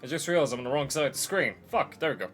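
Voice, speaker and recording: Casting: a casual male streamer, offhand and animated. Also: mid-range voice, soft background music. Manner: quick, offhand, swearing. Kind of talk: casual game commentary.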